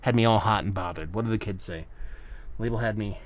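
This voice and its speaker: A man's voice: lowish voice, brisk, no room sound. Rambling man reviewing beer. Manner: rambling, hedging with lots of fillers. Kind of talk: casual solo review.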